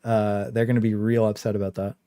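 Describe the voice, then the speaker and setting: A man's voice: lowish voice, flat delivery, a little fast, dark tone, no echo, clean studio sound. A young man casually chatting on his game livestream, rambling with lots of fillers and a trolling swagger. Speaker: game streamer.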